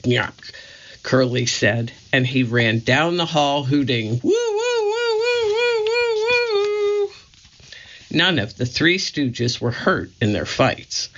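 A woman working as an audio reader for a library, narrating a book aloud slowly and clearly. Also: a bass voice, fairly bright tone. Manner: measured and clearly enunciated. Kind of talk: slow, careful read-aloud narration. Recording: dull lo-fi audio.

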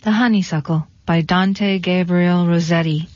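Woman reciting poems, measured and rhythmic. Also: lowish voice, fairly even intonation, darkish tone, no echo. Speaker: reader. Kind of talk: poetry reading. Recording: dull lo-fi dry recording.

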